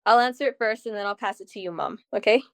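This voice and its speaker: A young adult woman, a guest's daughter, chatting casually in an interview with lively, animated storytelling. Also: mid-range voice, fast talker, creaky, dry recording.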